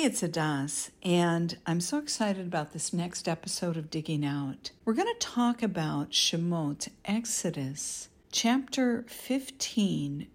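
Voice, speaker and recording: A woman hosting a podcast, giving an earnest Bible teaching and stressing key words slowly. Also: medium pitch, a little mellow. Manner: earnest, deliberate, drawn-out emphasis on key words. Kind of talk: scriptural teaching monologue.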